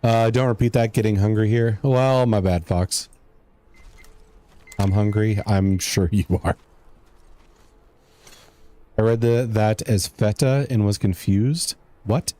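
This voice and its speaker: A young man talks his way through a game stream, rambling and chatty as he answers his viewers. His voice sits low and mellow, unhurried in tone even when he drifts off topic. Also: no echo. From United States. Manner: rambling, chatty, talks to chat while playing. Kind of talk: casual gameplay commentary.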